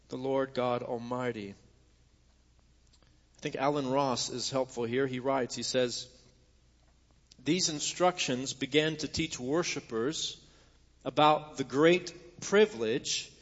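A man's voice: on the high side, in a large hall, dull audio. A male pastor preaching a sermon, earnest and rising to emphatic peaks.

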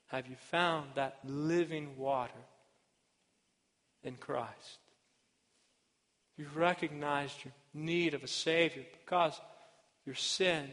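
An earnest male pastor delivers a sermon, restating each point and moving between emphatic, raised passages and hushed ones. His voice sits fairly high for a man. It rings with the long reverb of a church sanctuary.

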